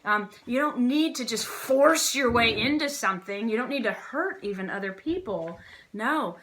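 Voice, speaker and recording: A woman's voice: fairly high pitch, animated, normal speed, sharp tone. A woman teaching a casual Sunday school lesson, chatty and playful and often laughing. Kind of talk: casual children's church lesson.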